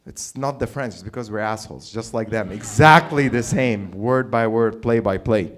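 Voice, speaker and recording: A man's voice: fairly low pitch, normal speed. A man from Lebanon hosting an open mic comedy night on a small stage, rambling and swearing as he jokes between acts. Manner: rambling, profane, self-interrupting.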